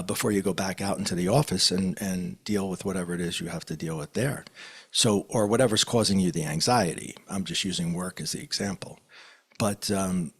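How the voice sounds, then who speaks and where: A man being interviewed as a metaphysical teacher, talking in a relaxed, rambling way with many fillers. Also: low voice, gravelly, breathy edge. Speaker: guest, metaphysical teacher and medium. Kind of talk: casual interview storytelling.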